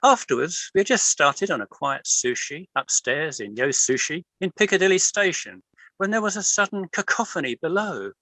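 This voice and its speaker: Scouse guy reading his own poems, lively storyteller, crisp bright tone. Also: fairly high pitch, normal speed, no echo, poor audio. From Liverpool, England. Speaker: guest poet and artist.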